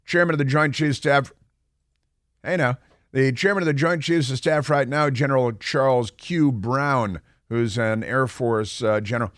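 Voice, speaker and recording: A man's voice: medium pitch, normal speed, fairly bright tone, dry recording, studio quality. A man hosting a talk radio show, talking casually and rambling with many fillers and restarts. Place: radio studio.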